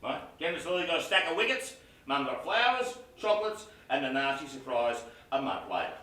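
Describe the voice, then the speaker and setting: A crude, swaggering Australian bloke, played by a man on a stage. He talks with a bright, high edge. The sound is echoey and heard from far off, with faint noise behind. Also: sing-song, fairly quick. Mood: reminiscing. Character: brash Australian bloke reminiscing about family, adult man. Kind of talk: stage play acting.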